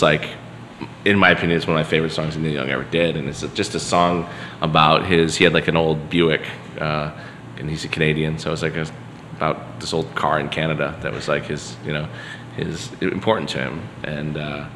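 A man with a sharp-toned bass voice guests on a podcast, telling stories conversationally. His delivery is loose and rambling, with plenty of fillers and false starts. The recording carries long reverb and faint hiss from an echoey room.

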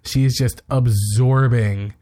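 A man talking through a TV episode for a podcast, acting out lines as he goes. His voice sits at an ordinary middle pitch, and his talk is casual and full of fillers and restarts. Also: fairly even intonation, slow, mellow. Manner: retells scenes with quoted lines, many fillers. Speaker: podcast co-host.

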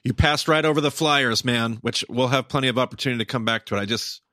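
A man co-hosting a podcast in casual chat, animated and quick to exclaim. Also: medium pitch, no echo, studio quality. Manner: animated, exclaims, quotes himself. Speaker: podcast co-host and teacher.

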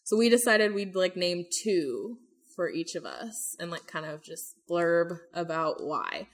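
A woman's voice: lowish voice, animated, measured pace. A young woman co-hosting a podcast, chatting casually with lots of fillers and swearing. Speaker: podcast co-host. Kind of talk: casual chat.

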